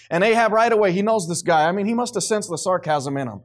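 A man preaches animatedly to a congregation, acting out the voices of the people he quotes while the congregation answers with amens. His voice sits high and he talks at a quick pace.

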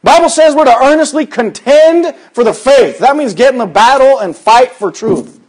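A man preaching a sermon in a folksy, conversational way, dropping soft and low, then rising to loud, high exhortation. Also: animated, moderate pace.

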